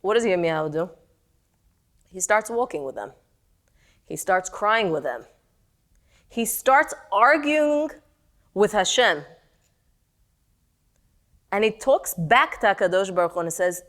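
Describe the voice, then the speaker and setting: A middle-aged woman teaching a text-study class, animated and questioning her students. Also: medium pitch, slow, long pauses.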